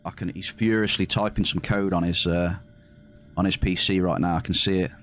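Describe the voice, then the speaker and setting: A man's voice: sits low, a little fast. Chatty English man streaming a game. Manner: chatty, reading chat aloud, bursts of excitement at hits. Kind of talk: casual live-stream chat. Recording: game music behind.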